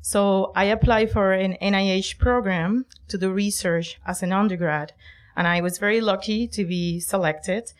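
A middle-aged woman from Puerto Rico telling a personal story, lively and emphatic, acting out quoted lines. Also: on the low side. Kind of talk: personal story told to an audience.

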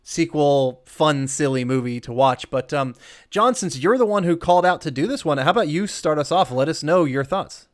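Animated, laughing male podcast co-host. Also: on the high side, normal speed. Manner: animated, laughs often, rambling asides. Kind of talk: casual chat, film recap.

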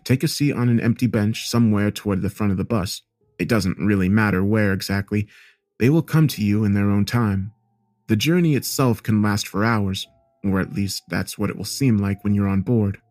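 A man reading a first-person horror story aloud in a steady, measured storytelling manner. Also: fairly low pitch, no room sound, clean studio sound, faint music behind. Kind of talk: scripted horror story narration.

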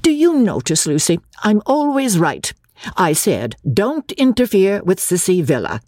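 A woman's voice: medium pitch, sing-song, unhurried, darkish tone, no echo, clean studio sound, voice pushed up. A woman voicing a placid but fussy, snobbish middle-aged mother in a dramatic reading of a classic novel. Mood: fussing.

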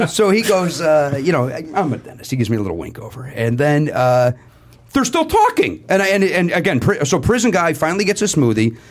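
Animated man telling a comic story. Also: fairly quick. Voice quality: voice that carries, a little edge. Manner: animated, jumps into high voices for quoted people. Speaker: podcast regular telling a story. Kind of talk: casual comedic storytelling.

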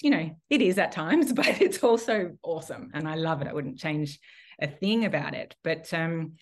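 A woman being interviewed on a podcast, telling a personal story in a lively way and laughing often. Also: sits low, normal speed. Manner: animated storytelling with frequent laughter. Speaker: guest, priestess and healer.

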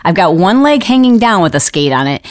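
A middle-aged woman hosting a podcast, telling a story in a casual, animated way and laughing now and then. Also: lowish voice, fairly quick, no echo, studio quality. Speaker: podcast host.

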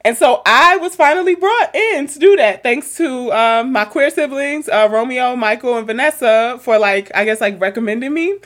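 A young woman and therapist chatting casually as podcast co-host, animated, laughing often and swearing casually. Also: a little high, normal speed, hardly any pauses.

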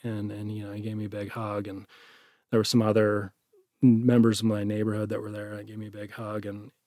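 A man telling a personal story in an interview, halting, with many restarts, his voice trailing off quietly at the ends of phrases. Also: fairly low pitch, monotone, no echo, studio quality. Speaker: interview guest.

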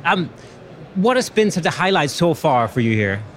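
Man, trade show host, upbeat, fairly high voice, faint background hum. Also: sing-song, normal speed. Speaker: host interviewing exhibitors. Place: busy exhibition hall.

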